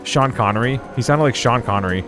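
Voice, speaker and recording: A man's voice: mid-range voice, a little fast, music in the background. A young man chatting loosely while playing a video game, rambling through stories and laughing often. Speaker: gaming streamer. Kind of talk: casual let's play commentary.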